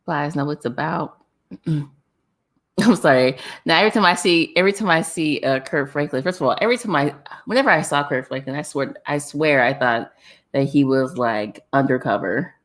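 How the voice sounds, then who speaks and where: Woman, low voice, casual livestream host, reads viewer comments, animated, laughs a lot, repeats phrases. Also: moderate pace. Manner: chatty and animated, laughs often, repeats herself for effect. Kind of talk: casual chat.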